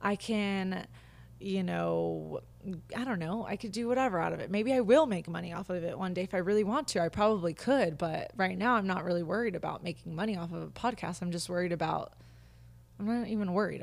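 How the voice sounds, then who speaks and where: A woman's voice: on the low side, fairly quick, vocal fry. A woman in her twenties hosting her own podcast from her living room couch, chatting casually and ranting candidly with lots of fillers. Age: 20s. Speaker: podcast host. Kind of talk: casual solo podcast chat.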